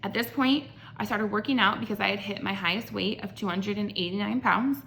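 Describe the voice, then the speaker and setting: A woman's voice: medium pitch, brisk, creaky, a bit bright. Woman in her 30s rambling candidly to camera, lots of likes and restarts, medium voice, bit of room noise. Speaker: vlogger. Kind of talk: personal vlog storytelling.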